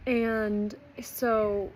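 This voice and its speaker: Woman book reviewer, relaxed chatty storyteller, mid-pitched, loose with fillers. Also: drawn-out words, a little hiss or hum, poor audio. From not Australian. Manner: chatty retelling with frequent ums and likes. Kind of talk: casual book review chat.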